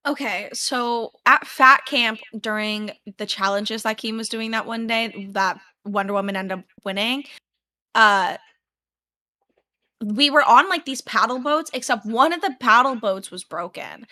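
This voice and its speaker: A young woman co-hosting a podcast, telling a story in casual chat and acting out her own past yells. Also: a little high, measured pace. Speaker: podcast co-host.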